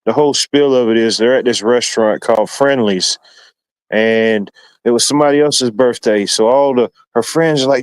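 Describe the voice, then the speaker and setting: A man telling a story in a casual group chat, relaxed and hesitant, with many pauses and fillers. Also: medium pitch, clear, resonant tone, no room sound, rough recording.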